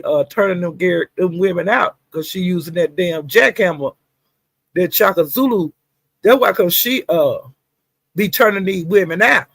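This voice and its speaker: A woman hosting a casual livestream, chatting and laughing, greeting viewers by name with drawn-out exclamations. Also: lowish voice, breathy edge, no echo. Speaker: livestream host.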